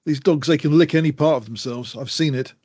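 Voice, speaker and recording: A man's voice: fairly high pitch, brisk, a little mellow, no room sound. A man co-hosting a podcast in casual chat, teasing and enthusiastic. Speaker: podcast co-host.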